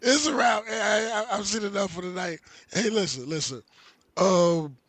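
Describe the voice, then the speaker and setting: A man's voice: high voice, lively intonation, normal speed. A man hosting a live stream in casual chat, teasing his guest and signing off with blessings. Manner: laughing, loud and teasing, then preachy sign-off. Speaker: stream host.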